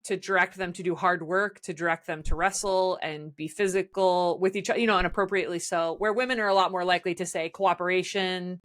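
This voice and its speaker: A woman's voice: fairly low pitch, steady tone, brisk, few pauses, fairly bright tone. A woman hosting an interview conversation, asking long, thoughtful questions with a few restarts. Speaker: podcast host.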